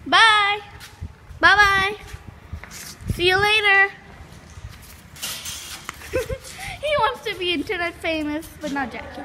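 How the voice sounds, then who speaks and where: A female host giving casual gameplay commentary, chatting and calling out loudly to her pets. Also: very high voice, slow, long pauses. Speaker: gaming channel host. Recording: clear background noise.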